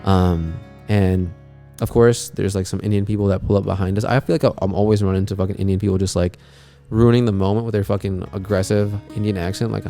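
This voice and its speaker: Chill young dude, lowish voice, rambling and cussing through a trip story on his podcast, faint guitar under it. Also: steady tone, brisk, dark tone. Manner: laid-back, profane, rambling with lots of fillers. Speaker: podcast host. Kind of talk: casual travel story chat.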